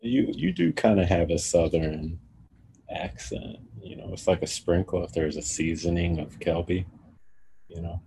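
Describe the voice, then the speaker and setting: A man's voice: sits low, animated, moderate pace, gravelly, dark tone, slight background noise. A man drawling in an easygoing way during a casual podcast chat. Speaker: podcast co-host.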